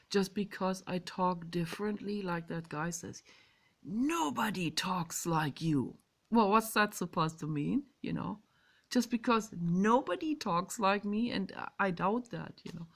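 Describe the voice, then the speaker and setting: A woman vlogger talking through a casual monologue outdoors, stressing words loudly and then dropping to a soft whisper. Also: medium pitch, gravelly. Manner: emphatic and drawn-out, swinging between loud stresses and soft whispers. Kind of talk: casual spoken monologue on meditation.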